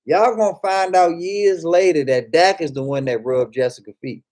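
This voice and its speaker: A man's voice: fairly high pitch, moderate pace, darkish tone. A man chatting casually as a streamer, joking and swearing as he reads viewers' comments aloud. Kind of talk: casual chat.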